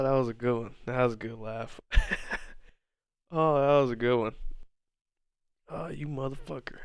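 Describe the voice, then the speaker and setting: Man, 20s, livestream host, slow laid-back talk, swearing, laughing, bro banter. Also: medium pitch, dry recording, studio quality. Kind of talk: casual livestream chat.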